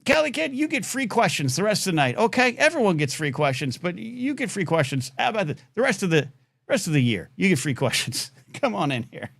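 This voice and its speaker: A man hosts a live call-in show, chatting fast and casually in a gravelly voice that often jumps into playful high notes. He's animated and restarts himself a lot. The recording is dry.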